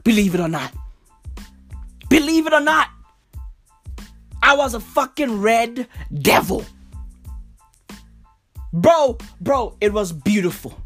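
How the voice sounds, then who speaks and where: A woman's voice: a little high, expressive, takes it slowly, long pauses, faint music behind. Stammering, cursing podcast host woman. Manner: profane, stammering, overexcited. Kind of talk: casual football rant.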